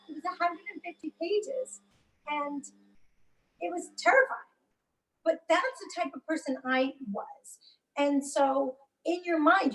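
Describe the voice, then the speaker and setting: A woman's voice: on the high side, recorded from a distance, low-quality recording. A middle-aged woman speaking candidly as an interview guest, earnest and emphatic, with frequent fillers and restarts. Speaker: podcast guest.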